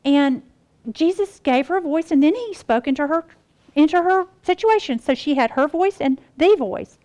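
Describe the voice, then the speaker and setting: A woman teaching the Bible to a group, folksy and animated, talking to them as y'all. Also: sits high, normal speed.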